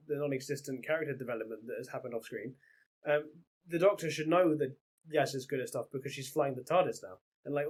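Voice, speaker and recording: Young man, casual podcast co-host, slightly husky, chatty and easygoing. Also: mid-range voice. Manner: chatty, laughing, loose asides. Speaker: co-host reviewer. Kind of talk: casual review chat.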